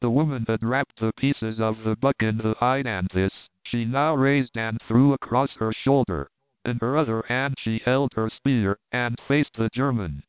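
A man narrating a novel in a measured, even storytelling voice. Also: mid-range voice, clear, resonant tone, no room sound. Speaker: audiobook narrator. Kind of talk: reading a novel aloud. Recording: dry, tinny phone-like sound.

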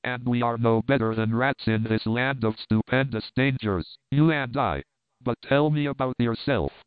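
A man's voice: medium pitch, moderate pace, clean tone, dry recording, dull audio, lightly acted. A man voicing a haggard, despairing officer, speaking gloomily. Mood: gloomy. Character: haggard, desperate, gloomy German officer, male.

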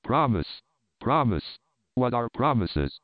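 A man's voice: medium pitch, very animated, slow, dry recording. A man putting on a leering German officer. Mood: mocking. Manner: mocking, hollow laughter, wheedling. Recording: dry, tinny phone-like sound.

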